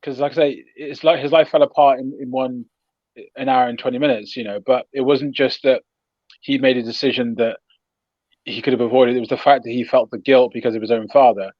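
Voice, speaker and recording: A man's voice: mid-range voice, steady tone, fairly quick, no room sound, dull audio. Dry-sounding earnest male podcast co-host. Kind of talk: casual chat.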